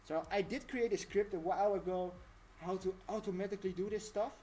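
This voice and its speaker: A woman's voice: mid-range voice, steady tone, fairly quick, warm tone, a little hiss or hum. A woman talking through a casual live-stream tutorial, chatty and rambling, laughing often.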